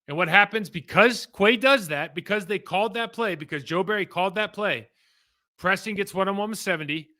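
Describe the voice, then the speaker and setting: Bright, animated male football film analyst. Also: sits high. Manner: animated, rambling, frequent restarts and asides. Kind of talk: casual film breakdown commentary.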